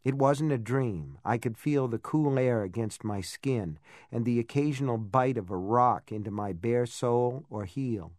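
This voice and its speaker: A man reading a novel aloud as an audiobook narrator, in a measured, steady storytelling manner. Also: mid-range voice, no room sound, studio quality. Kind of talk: scripted narration.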